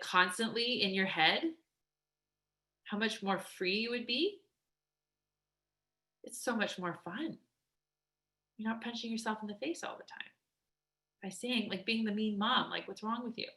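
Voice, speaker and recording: Woman, motivational coach, chatty and emphatic, echoey room. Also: mid-range voice. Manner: energetic, emphatic, chatty with frequent "like" and restarts. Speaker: weight loss coach. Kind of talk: motivational teaching talk. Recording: roomy echo.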